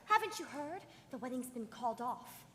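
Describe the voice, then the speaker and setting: A young woman plays a showy, melodramatic starlet bride with a very high, bright and lively voice. The sound carries a long stage echo with faint music underneath. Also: moderate pace, a little hiss or hum. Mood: dramatic. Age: teens. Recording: reverberant auditorium stage.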